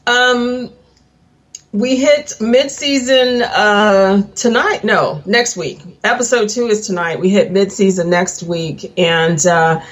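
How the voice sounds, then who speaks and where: A woman's voice: mid-range voice, takes it slowly. A woman chatting casually and teasingly on a video call, laughing often as she talks. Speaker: co-producer and guest. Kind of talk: casual chat.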